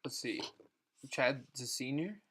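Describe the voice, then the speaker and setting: A man in his twenties, co-hosting a casual podcast with friends, upbeat and quick to laugh. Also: medium pitch, expressive, noisy background. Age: 20s. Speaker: podcast co-host. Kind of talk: casual chat among friends.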